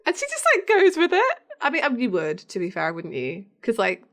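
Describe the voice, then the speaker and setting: A woman's voice: on the high side, wildly swooping pitch, brisk, a bit bright. A woman co-hosting a podcast, chatting casually as she recaps a TV episode, laughing often and acting out quotes from it. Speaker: podcast co-host.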